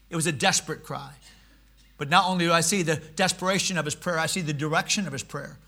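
A male pastor preaching a sermon in church, swinging from shouted swells to hushed, quiet lines. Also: a little high, expressive, fast talker, vocal fry.

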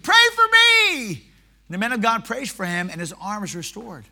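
A male preacher delivers a sermon in an animated, self-mocking storytelling style. His voice sits very high and sounds very bright and sharp. He moves quickly through his stories and laughs at himself along the way. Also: vocal fry, slightly rough.

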